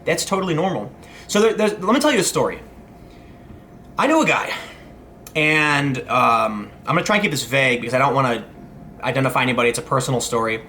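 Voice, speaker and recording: Fast, bright-voiced man ranting. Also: mid-range voice, sing-song, a little hiss or hum. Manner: rambling, many restarts and asides. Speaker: commentary host. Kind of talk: casual commentary vlog.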